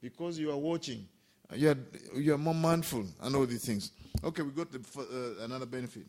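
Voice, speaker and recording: A man, a Buddhist monk, giving a Dhamma talk as an animated storyteller with gentle humor, often checking in with listeners by asking "Hmm?" and "Eh?". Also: medium pitch, fairly quick.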